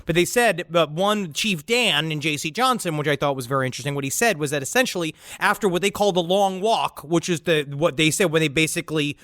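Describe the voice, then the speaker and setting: Rambling podcast host, dry studio sound. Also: male voice, a little high, fast, few pauses, a bit bright, dry recording. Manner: rambling, self-correcting, jokey asides. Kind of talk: casual comedic podcast chat.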